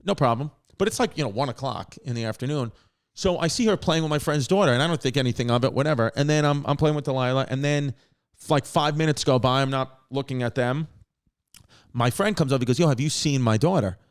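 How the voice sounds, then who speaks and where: A man in his thirties hosting a podcast, telling a story in a rambling, animated way with frequent restarts and swearing. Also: mid-range voice, fast. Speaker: podcast host. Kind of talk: casual storytelling.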